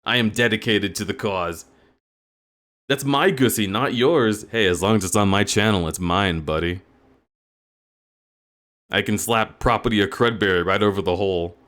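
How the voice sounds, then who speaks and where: A man's voice: on the low side, normal speed, pauses often, fairly bright tone. A man live-streaming a video game, chatting with his viewers in a goofy, teasing way. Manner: goofy, teasing, talks to chat. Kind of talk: casual live-stream chat while playing. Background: game music.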